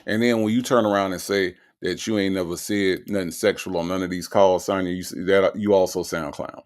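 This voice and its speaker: A man's voice: low-pitched, fairly even intonation, a little fast. A man hosting a show, mocking and emphatic as he reacts to recorded calls and reads viewer comments aloud.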